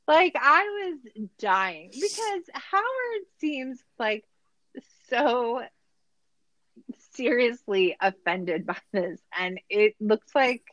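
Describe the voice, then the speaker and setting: A woman's voice: a little high, sing-song, extremely slow, a bit bright, dry recording, rough recording. A woman hosting a casual podcast, recapping a show in a laughing, incredulous way, with lots of "like". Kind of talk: casual chat.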